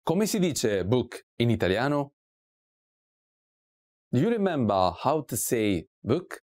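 A woman giving a scripted language lesson, asking slow drill prompts and repeating each word clearly. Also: very deep voice, big pitch swings, darkish tone. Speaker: language teacher.

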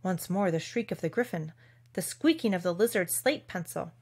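A woman reading a classic children's story aloud in a measured, expressive narration. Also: lowish voice, slightly rough. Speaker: audiobook reader.

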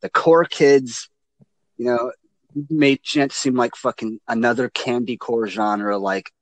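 A man's voice: mid-range voice, steady tone, slow pace, dry recording, rough recording. A man co-hosting a casual podcast, joking crudely and swearing freely. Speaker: podcast co-host. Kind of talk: casual chat.

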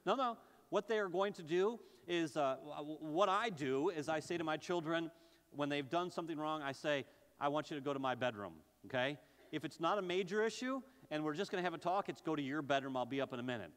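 A middle-aged man preaching a sermon as pastor, stammering and restarting, with quick bursts and slow, drawn-out scripture quotes. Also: fairly high pitch, expressive. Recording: long reverb from a large hall.

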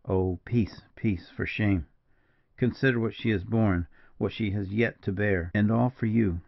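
A man's voice: fairly low pitch, steady tone, a little slow, creaky. A man voicing a kindly, courtly veteran frontier scout in an audiobook, speaking in an earnest, old-fashioned way. The recording is dull and lo-fi. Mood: gentle reproach.

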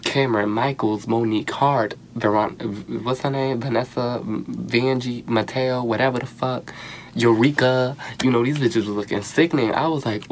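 A young man giving casual, sassy and profane commentary on a reality show, animated and quick to exclaim. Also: mid-range voice, a little hiss or hum. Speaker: reality TV reviewer.

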